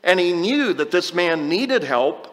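High, bright-voiced male preacher in a hall. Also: very animated, measured pace. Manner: conversational, with scripture readings and restarts. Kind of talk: sermon.

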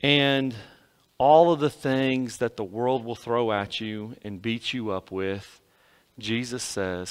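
Guy preaching in a church, mid voice, goes big then drops real quiet. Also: mid-range voice. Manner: dramatic swings between loud emphasis and hushed lines. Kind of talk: sermon. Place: church sanctuary.

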